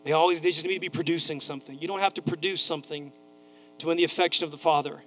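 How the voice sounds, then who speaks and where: A male pastor preaches to his congregation, leaning into emphatic repetition and slipping into an easy storytelling voice for anecdotes. His voice sits a bit high. Faint instrumental music plays behind him in the sanctuary. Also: steady tone, racing, fairly bright tone. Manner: preaching with emphatic repeated phrases, quoting a neighbor in a casual voice. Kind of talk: sermon. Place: church sanctuary.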